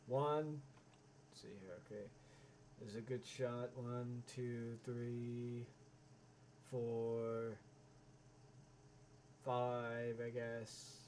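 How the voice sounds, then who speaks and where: A man's voice: medium pitch, level tone, drawn-out words, pauses often, a little mellow, a little hiss or hum. A man giving live reaction commentary, ranting and swearing with many stammering restarts. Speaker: reaction streamer.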